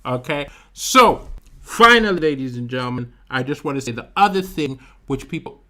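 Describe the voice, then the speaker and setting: Malawian man telling an animated story. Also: mid-range voice, moderate pace. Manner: animated storytelling with vocal sound effects. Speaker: comedian. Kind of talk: stand-up comedy livestream talking to chat.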